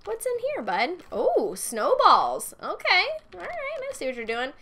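A woman's voice: very high voice, huge pitch swings, unhurried, bright, forceful tone. A young woman chatting casually as she plays and comments on a game, bubbly and talkative. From United States. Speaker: Minecraft let's-play host.

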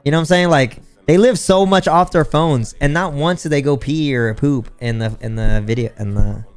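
Casual young male streamer, smooth clear tone, loose rambling delivery, faint background music. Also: a little high, normal speed. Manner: laid-back, rambling, says "like" a lot. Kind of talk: casual live-stream chat.

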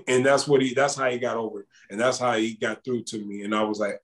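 A man's voice: mid-range voice, fast talker. Guy in his 30s telling an old story, plays out both sides of the talk, medium voice. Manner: animated storyteller acting out dialogue. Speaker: former basketball player, guest. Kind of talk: casual storytelling interview.

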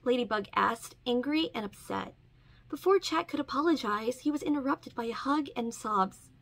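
A woman's voice: on the high side, expressive, moderate pace, gravelly, fairly bright tone. A young woman hosting her channel and reading a short comic story aloud. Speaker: channel host reading stories. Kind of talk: read-aloud story narration.

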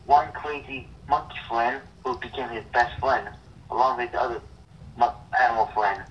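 A young man co-hosting a casual chat, speaking haltingly with repeated words and blunt opinions. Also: mid-range voice, steady tone, far from the mic, highs cut off, slight background noise. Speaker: co-host.

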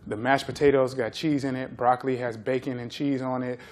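A man in his thirties giving a talk, telling a lively story and acting out the people in it. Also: mid-range voice, fairly quick, a little hiss or hum. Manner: animated storyteller acting out quotes. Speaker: guest speaker.

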